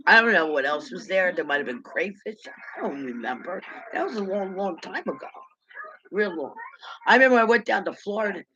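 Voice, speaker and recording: A middle-aged woman telling loose, halting stories from her past, repeating words as she goes and laughing at her own memories. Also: on the low side, expressive, pushed and bright, muffled recording. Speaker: vlogger. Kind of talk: rambling personal storytelling.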